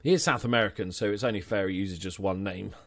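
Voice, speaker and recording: A young man with a lowish voice talks his way through a football management game, joking and handing out nicknames as he goes. The sound is close and dry, with no room behind him. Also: quick pace, no room sound. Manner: chatty, jokey, gives players nicknames. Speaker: gaming channel host. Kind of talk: casual let's-play commentary.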